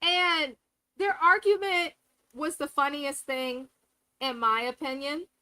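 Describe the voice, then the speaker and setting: A woman's voice: high-pitched, steady tone, slow pace, bright, forceful tone, dry recording, low-quality recording. A woman hosting a live reality TV recap, talking candidly and profanely and acting out cast members' lines. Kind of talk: live casual review commentary.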